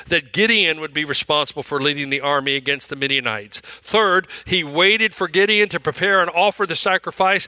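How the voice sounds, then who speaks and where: Preaching a sermon in a high-leaning voice, a male pastor repeats phrases for emphasis and swings between loud, emphatic lines and hushed ones. The recording is dry.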